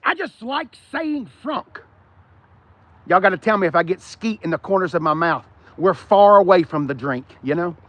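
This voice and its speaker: A man's voice: on the high side, fairly quick, fairly bright tone, no room sound. A middle-aged man, hosting a casual walk-around car review and ranting with blunt, profane opinions.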